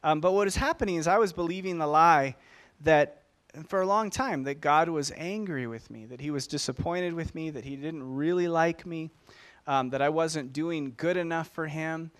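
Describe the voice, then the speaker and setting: Earnest man preaching in a higher voice. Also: normal speed, fairly bright tone. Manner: earnest, conversational preaching with repeated phrases. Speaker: pastor. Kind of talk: sermon.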